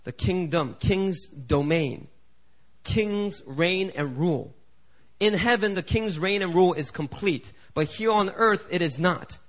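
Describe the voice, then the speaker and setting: A middle-aged man preaching a sermon as pastor. He swings from quiet asides to loud, climbing appeals and acts out the prayers he quotes. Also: sits high, unhurried. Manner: preaching with big swings in volume, building to shouted climaxes; acts out quoted voices and prayers in shifting tones.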